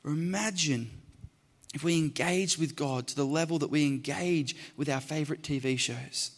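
A man's voice: a little high, moderate pace, in a large hall. Passionate preacher, a man with raised voice. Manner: builds to passionate emphasis, repeating phrases. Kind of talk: sermon.

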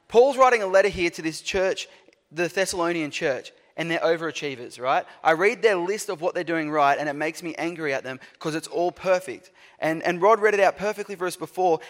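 Chatty pastor in a reverberant hall. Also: male voice, on the high side, fairly bright tone. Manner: chatty, joking with the congregation. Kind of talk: sermon. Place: church hall. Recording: church hall with long reverb.

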